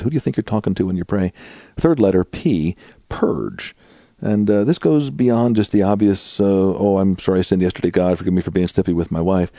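A middle-aged man, a guest author, earnestly explaining prayer in a conversational interview and getting animated when he acts out prayers. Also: low voice, no room sound, studio quality.

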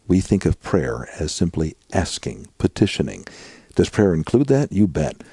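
Gravelly older man, storytelling guest. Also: deep voice, big pitch swings, normal speed, dark tone, no echo, studio quality. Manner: storytelling, acting out dialogue. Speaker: guest, psychologist. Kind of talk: interview.

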